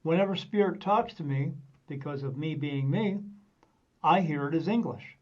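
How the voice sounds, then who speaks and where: Halting man with a dull lo-fi sound. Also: a little high. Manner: halting, frequent "uh" fillers and restarts. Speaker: medium, podcast guest. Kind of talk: casual anecdotal storytelling.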